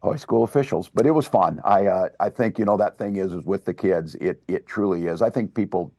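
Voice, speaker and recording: A man in his sixties, a governor chatting as a guest, who tells stories and gets excited and laughs easily. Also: low voice, a little fast, dry recording, clean studio sound. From Minnesota. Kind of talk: casual chat.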